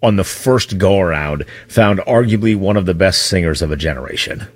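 A man's voice: sits low, moderate pace, no room sound. A man co-hosting a sports radio show, telling stories in a rambling, conversational way. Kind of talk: casual radio chat.

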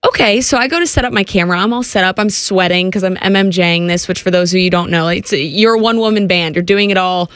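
A woman sports reporter on a radio talk show, slightly out of breath, telling a story in a chatty, animated way. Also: medium pitch, fast talker, hardly any pauses, clear, resonant tone, no room sound, studio quality. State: a little out of breath. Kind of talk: casual radio chat and storytelling. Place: radio studio.

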